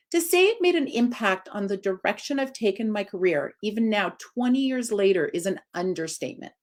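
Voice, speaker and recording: A woman in her forties, a dog trainer giving an informal live video talk, expressive and swinging up high for emphasis. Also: a little fast, hardly any pauses.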